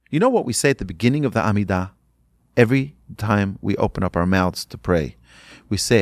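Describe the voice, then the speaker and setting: A man's voice: lowish voice, sing-song, brisk, dry recording, studio quality. Emphatic male sermon teacher. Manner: urgent and emphatic, repeating phrases. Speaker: religious teacher.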